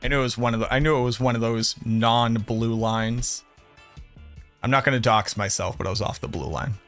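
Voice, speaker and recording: A man's voice: mid-range voice, a little fast, a bit bright, soft background music. A man from the Boston area with a Boston accent, chatting casually and brashly with viewers on a game livestream, swearing and joking. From Boston area, USA. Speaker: game streamer.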